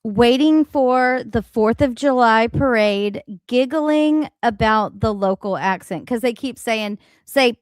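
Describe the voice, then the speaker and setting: A woman hosting a reaction livestream, talking in a blunt, animated and profane way about the clips she plays. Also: fairly high pitch, unhurried, hardly any pauses, no room sound, studio quality. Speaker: livestream host. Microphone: home streaming mic.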